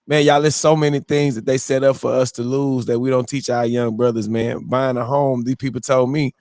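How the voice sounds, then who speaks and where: A man in his thirties hosting a morning show, telling stories in a casual, animated way and calling everyone brother. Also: medium pitch, a little fast, dry recording, clean studio sound. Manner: animated, acts out quoted voices, calls people brother. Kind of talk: casual storytelling chat.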